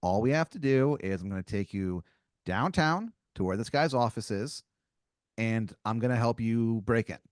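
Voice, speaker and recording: Zeus, a man doing a smooth scheming god. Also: mid-range voice, lively intonation, normal speed, no room sound, clean studio sound, lightly acted. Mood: solemn.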